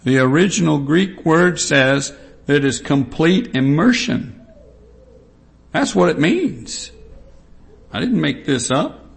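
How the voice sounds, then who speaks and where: Man, preacher, sermon, very slow delivery, gravelly voice, emphatic repetition. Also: on the high side, animated. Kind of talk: sermon with scripture reading.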